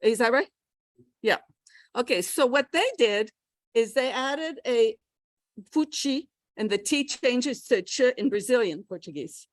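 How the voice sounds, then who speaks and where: A middle-aged woman giving a pronunciation workshop, lively and often checking in with her listeners. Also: a little high, measured pace, no echo. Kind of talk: lecture to English teachers.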